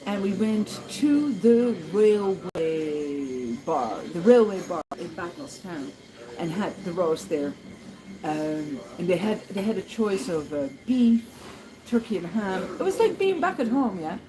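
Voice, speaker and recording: A woman on a walking pilgrimage talks through her day in a casual spoken travel diary, her mid-range voice sing-song and a little slow. She rambles and laughs, acting out the people she met, with noise in the background.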